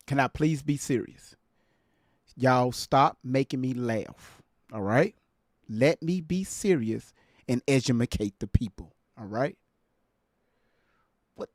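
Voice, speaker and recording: A man hosting a live stream from home, casually reacting to a clip, incredulous and quick to laugh. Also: medium pitch, a little mellow, no room sound, clean studio sound. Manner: laid-back, incredulous, laughs easily.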